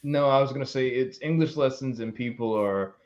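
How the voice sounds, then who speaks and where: A man in a casual group chat, explaining his point in a measured way. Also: medium pitch, darkish tone, dull audio.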